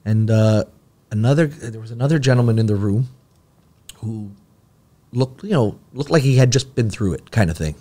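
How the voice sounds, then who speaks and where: A man's voice: on the low side, normal speed, dark tone. A man, a podcast guest telling a long personal story in casual talk and acting out the dialogue.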